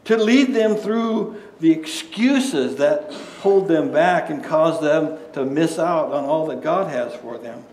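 A male pastor delivers a sermon in an unhurried, conversational way, stacking rhetorical questions and stumbling into restarts. His voice sits a little high. The room around him rings with echo. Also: darkish tone. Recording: echoey room.

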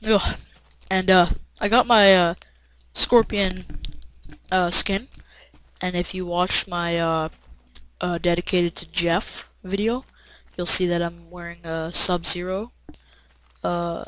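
Woman gamer, casual let's-play commentary, rambling, jumps to loud shouts, slightly low voice. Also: measured pace, faint music behind, low-quality recording. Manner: rambling and excitable, with many "uh" fillers and bursts of shouting. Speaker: gameplay commentator.

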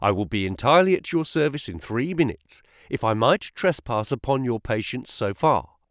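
A man voicing a terrified male office manager who speaks fast with strained politeness. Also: medium pitch, lively intonation, no echo, studio quality, lightly acted. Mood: nervous. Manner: hurried, nervous, strained politeness.

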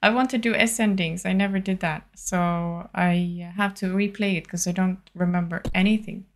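A woman's voice: on the low side, fairly even intonation, moderate pace. A woman live-streaming a video game, thinking aloud and answering her chat.

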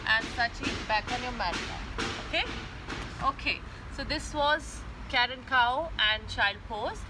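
A woman yoga instructor leading a mother-and-child yoga class, giving slow, gentle step-by-step instructions. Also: fairly high pitch, loud music behind the voice, rough recording.

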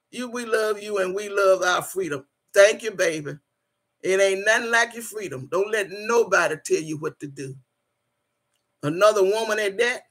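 This channel host has a medium-pitched, fairly bright voice that's slightly rough. During her casual livestream she reads comments aloud, breaks into laughter often, refers to the audience as "y'all," and encourages liking and subscribing.

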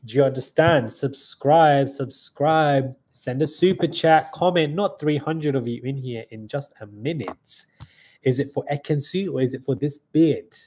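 A young man hosting a live reaction stream, excitable and hyped, calling out "guys" often, with a slightly stuffy nose. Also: mid-range voice, measured pace, husky. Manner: excitable hype talk, keeps saying "guys".

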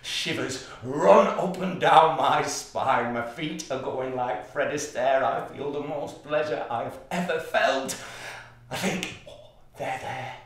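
An actor playing an order-obsessed psychopath. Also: male voice, mid-range voice, lightly acted. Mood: gloating. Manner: slow, intense, swinging from whispers to outbursts. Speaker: stage actor. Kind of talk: theatrical monologue. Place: theatre stage. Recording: distant, echoey stage recording.

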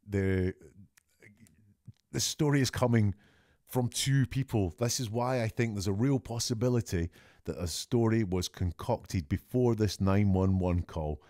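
A man giving a measured, deliberate analysis of an emergency call, slowing down to stress key words. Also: on the low side, warm tone, dry recording, clean studio sound. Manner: measured, deliberate, often slows for emphasis. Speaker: statement analysis commentator. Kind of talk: analytical commentary on a recorded call.

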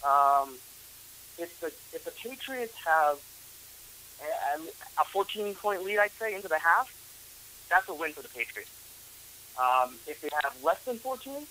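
A man's voice: fairly high pitch, pushed and bright, slight background noise, low-quality recording. Hesitant male sports analyst. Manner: hesitant, many fillers and restarts.

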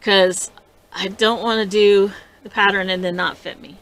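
A woman hosting a casual crafting vlog, chatty and excitable, rambling with frequent restarts. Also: mid-range voice, a little slow, slight background noise. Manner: bubbly and excitable. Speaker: podcast host.

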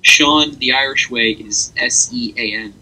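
Bright husky young man, chatty. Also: mid-range voice, a little slow, rough recording. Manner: rambling, animated storytelling with laughs. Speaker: podcast co-host. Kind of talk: casual chat.

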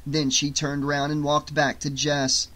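A man narrating an audiobook in a steady, measured reading. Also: on the high side. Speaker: audiobook reader.

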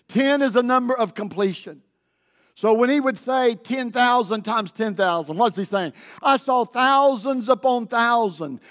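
High-voiced man preaching a sermon. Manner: preaching with call-and-response to the congregation; rises to loud, emphatic declarations. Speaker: pastor. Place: church sanctuary.

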